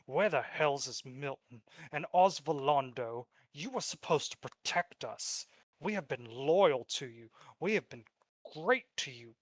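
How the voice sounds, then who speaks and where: A man voicing an arrogant, proud male noble lord who speaks loudly and haughtily. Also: fairly high pitch, lively intonation, unhurried, no echo.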